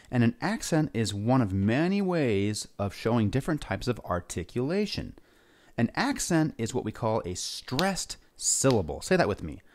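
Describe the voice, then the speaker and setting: A man's voice: mid-range voice, a little mellow. A male music teacher leading a lesson for young kids, upbeat and coaxing them to repeat words and sing along. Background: faint guitar.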